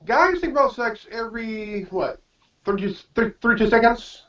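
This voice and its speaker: A woman's voice: on the high side, lively intonation, moderate pace, fairly bright tone, recorded from a distance. A woman on a round table panel speaking emphatically in casual chat. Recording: dull lo-fi audio from off-mic.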